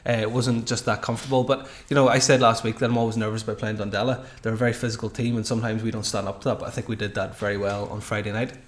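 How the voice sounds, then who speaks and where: A man co-hosting a football podcast, telling match stories with quick enthusiasm. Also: on the low side, flat delivery. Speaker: podcast co-host. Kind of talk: casual football chat.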